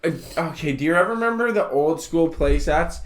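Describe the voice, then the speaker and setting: A man's voice: a little high, expressive, brisk. A man co-hosting a podcast in casual chat, laid-back and often laughing. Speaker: podcast co-host. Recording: roomy echo.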